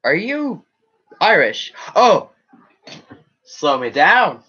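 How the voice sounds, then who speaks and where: A man's voice: sits high, sing-song, very slow, bright, forceful tone, husky, lo-fi sound. A man chatting casually on a live stream, rambling as he reacts to chat comments. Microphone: webcam setup.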